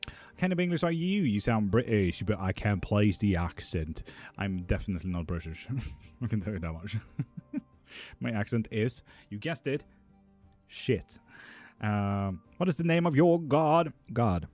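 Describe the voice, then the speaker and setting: Male streamer, low-ish voice, relaxed profane banter with viewers, frequent laughs, soft music bed. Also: unhurried. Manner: profane, laughs often, loose and joking. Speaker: live stream host reading chat questions. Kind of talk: casual live-stream chat. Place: indoor room with a fan running.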